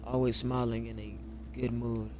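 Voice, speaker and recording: A man reading aloud the lines of an anxious nineteen-year-old babysitter in a video game, in a soft, hesitant, self-doubting way. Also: mid-range voice, flat delivery, moderate pace, slight background noise, natural voice. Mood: wistful.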